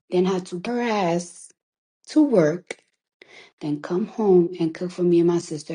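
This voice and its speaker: Tearful, defiant woman with a low voice. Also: mellow. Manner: emphatic, defiant, heavy swearing, repeats lines for emphasis. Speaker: recording artist. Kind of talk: emotional livestream monologue. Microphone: phone livestream.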